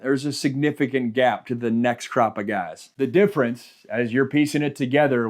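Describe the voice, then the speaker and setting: A young man hosting a sports show, talking through football careers in an energetic, conversational way. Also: medium pitch. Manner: energetic, conversational, trails off at ends of points. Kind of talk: solo sports commentary.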